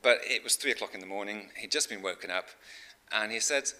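A middle-aged man preaching a sermon in a conversational storytelling way, with fillers and frequent throat-clearing. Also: fairly low pitch, brisk, bright, forceful tone.

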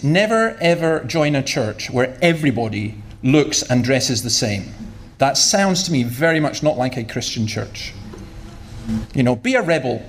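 A man's voice: medium pitch, lively intonation, unhurried, a little hiss or hum. A man preaching a sermon in a conversational, humorous way, often repeating words as he goes.

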